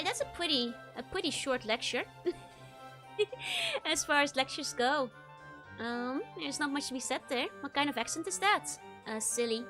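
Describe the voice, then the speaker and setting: Giggly gamer girl reading a game out loud, high bright voice, music low behind. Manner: giggly, playful. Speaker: streamer. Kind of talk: let's play narration.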